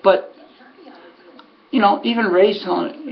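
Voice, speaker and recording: A man's voice: on the high side, moderate pace, gravelly, highs cut off. A man who trains harness racehorses tells a story in a rambling way, full of "you know" and restarts. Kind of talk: casual spoken storytelling.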